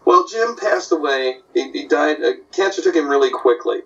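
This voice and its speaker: Older man, animated storyteller, distant dull sound. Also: mid-range voice, normal speed, creaky, soft background music. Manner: animated, puts on voices in anecdotes. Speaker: comic artist guest. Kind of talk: casual storytelling.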